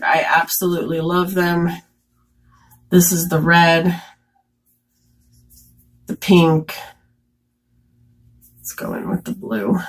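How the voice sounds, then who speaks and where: A young woman giving chatty, enthusiastic product recommendations in a casual beauty vlog, with frequent fillers. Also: lowish voice. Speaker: beauty vlogger.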